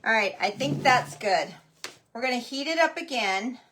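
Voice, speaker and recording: A high-pitched woman with a bouncy, swooping voice chats through a live crafting demo. She talks loudly and greets viewers by name as she works. A heat gun whirs noisily in the room behind her. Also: expressive, moderate pace, a little hiss or hum. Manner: chatty, greets viewers by name while working; says she is talking very loudly. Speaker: craft livestream host. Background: heat gun whirring.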